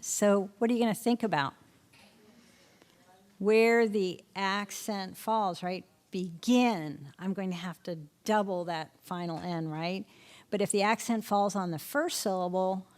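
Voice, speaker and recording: A middle-aged woman leads a spelling lesson for teachers. Her voice sits at a medium pitch. She keeps firing short questions at the room and often answers them herself. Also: slow, darkish tone. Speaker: literacy instructor.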